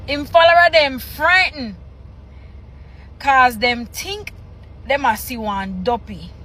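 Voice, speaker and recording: A woman's voice: high voice, slow pace, sharp tone, poor audio. A Jamaican woman chatting casually in a reaction video, reading aloud with exasperated, teasing remarks.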